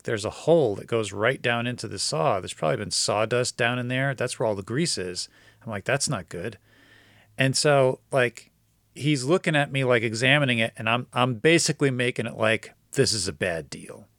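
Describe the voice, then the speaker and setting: A man's voice: medium pitch, gravelly, no echo. Male podcast host, casual storyteller, dry close mic. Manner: animated, quotes others in dialogue, gets excited.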